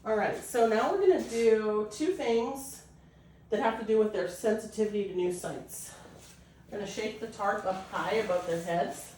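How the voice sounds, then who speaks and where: A woman breeder explaining a puppy temperament test, switching between high coaxing puppy talk and calm explanation. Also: moderate pace, distant mic, a little hiss or hum. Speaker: dog breeder. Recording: echoey room, voice off-mic.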